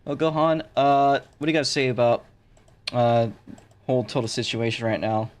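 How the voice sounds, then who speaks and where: A man's voice: medium pitch, level tone, moderate pace. Joking casual stream host, a man. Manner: joking, offhand, loose questions. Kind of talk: casual live-stream interview.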